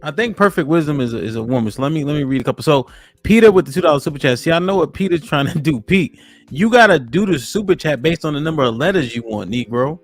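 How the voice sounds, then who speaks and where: A man's voice: fairly high pitch, expressive, quick pace, no echo, faint music behind. Casual joking male host. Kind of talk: live stream talk show.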